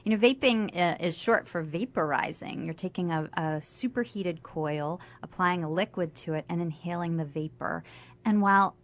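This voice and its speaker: A woman, a family doctor, guest on a radio interview, explaining health facts clearly and with enthusiasm. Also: fairly low pitch, moderate pace, slight background noise. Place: radio studio.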